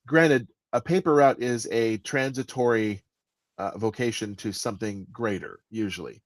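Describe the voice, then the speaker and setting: A man speaking as the guest author in an interview, with an expressive delivery that stresses words and often restarts his sentences. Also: fairly low pitch, moderate pace, dry recording. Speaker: guest author and audiobook narrator. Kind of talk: conversational interview answers.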